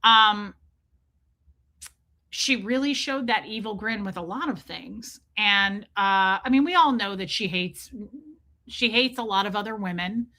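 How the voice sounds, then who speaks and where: A woman hosting a livestream, talking fast and emphatically, repeating herself and breaking off to thank viewers in the chat. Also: mid-range voice, bright, forceful tone. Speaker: livestream host. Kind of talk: casual livestream commentary.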